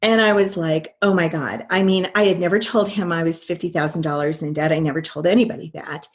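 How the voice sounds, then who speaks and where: A woman's voice: fairly low pitch, fairly even intonation, fast. An older American woman, a guest on an interview show, telling her personal story in an earnest, reflective way. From American Midwest. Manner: earnest, reflective, speeds up when recalling inner dialogue.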